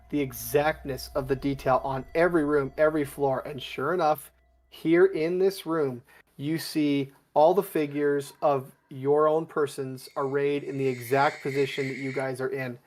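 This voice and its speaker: A man running a tabletop game as game master, describing scenes in a halting way with frequent restarts. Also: fairly high pitch, steady tone, a little mellow. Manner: halting, with many restarts and fillers.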